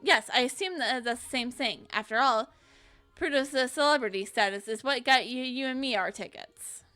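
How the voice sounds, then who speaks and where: A woman voicing a calm, polite English gentleman professor from a game, speaking in a measured, formal way. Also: sits high, faint music behind. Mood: courteous.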